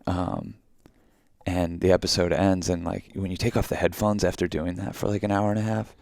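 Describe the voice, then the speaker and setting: Young male co-host, deep and gravelly, loose storyteller. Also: moderate pace, dry recording, clean studio sound. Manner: rambling, animated, acts out quotes. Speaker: podcast co-host. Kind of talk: casual storytelling chat.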